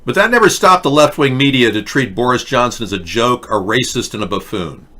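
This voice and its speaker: A man's voice: mid-range voice, animated, brisk, pushed and bright. A man hosting a satirical political show, delivering sarcastic, mocking, rambling rants. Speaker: host.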